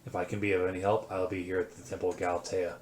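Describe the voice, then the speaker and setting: A man voicing a calm, wise female priestess with formal, measured speech. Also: sits low, close to an everyday voice. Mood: solemn. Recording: echoey room with loud noise.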